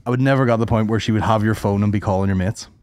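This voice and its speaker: A man's voice: fairly low pitch, rapid-fire, a little mellow, clean tone, dry recording. A Northern Irish man co-hosting a podcast, making short dry remarks. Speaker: podcast co-host. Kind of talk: casual chat.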